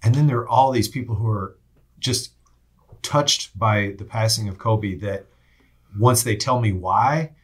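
A man's voice: on the low side, unhurried, slightly rough. A man from Texas hosting a podcast, asking questions conversationally and reacting with enthusiastic exclamations. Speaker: podcast host. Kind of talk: conversational interview.

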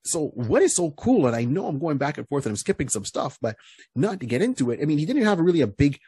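Guy rambling on a podcast, husky, lots of you knows and restarts, dry mic. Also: fairly high pitch, sing-song, fast, warm tone, no room sound. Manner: rambling, full of fillers and restarts. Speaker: podcast co-host. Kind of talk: casual chat recapping comics.

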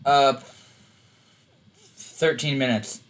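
A man co-hosting a casual conspiracy-themed podcast, rambling and halting with plenty of fillers. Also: mid-range voice, fairly even intonation, fairly bright tone. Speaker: podcast co-host.

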